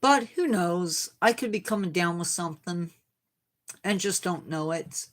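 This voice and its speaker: A woman's voice: fairly low pitch, animated, a little slow. A woman streamer with a slightly sore voice, chatting casually and self-deprecatingly with viewers. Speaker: game streamer.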